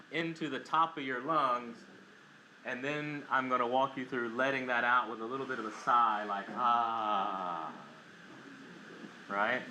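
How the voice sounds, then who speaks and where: A man, a chaplain, gently guiding a group through a breathing exercise, calm and lightly joking. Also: mid-range voice. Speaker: chaplain and guest speaker. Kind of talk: guided breathing exercise and talk. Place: church hall, without a mic. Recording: echoey hall with noise.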